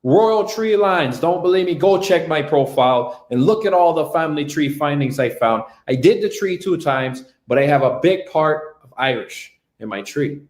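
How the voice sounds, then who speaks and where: A man's voice: on the high side, lively intonation, moderate pace, hardly any pauses, reverberant. A man boasting about his family tree in a social media clip, swearing as he goes.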